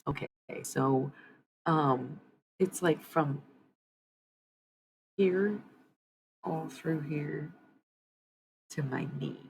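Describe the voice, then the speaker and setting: A woman's voice: deep voice, very slow, pauses often, slight background noise, poor audio. A woman hosting a livestream card reading in casual chat, blunt and swearing freely, talking back sharply.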